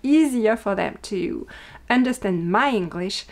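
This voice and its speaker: A French woman with a French accent, hosting her own podcast in casual chat and talking quickly with many fillers. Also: mid-range voice, expressive, vocal fry. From France. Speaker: podcast host and indie yarn dyer.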